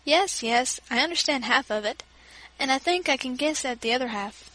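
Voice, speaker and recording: A woman voicing a plainspoken old female servant who is warm but scornful, speaking briskly. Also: sits high, lively intonation, heavily acted, low-quality recording.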